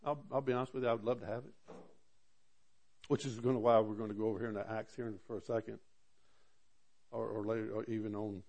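A pastor with a lowish voice and a level tone preaches quickly, with long pauses. He reads scripture in a rising, loud voice, then drops to quiet asides, frequently repeating words and restarting.

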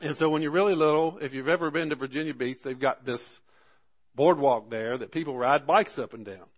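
A man's voice: on the high side, brisk. A man, preaching a sermon in a folksy storytelling way, often stopping to ask the congregation for an amen. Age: 40s. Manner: folksy storytelling with frequent restarts and call-and-response "amen". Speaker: pastor.

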